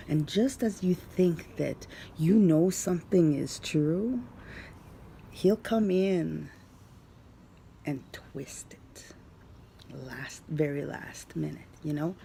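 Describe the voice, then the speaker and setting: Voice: medium pitch, takes it slowly, vocal fry, warm tone, a little hiss or hum. A vlogger casually retelling a dream to their viewers, rambling with many fillers and sometimes dropping into a whisper. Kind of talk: casual storytelling to camera.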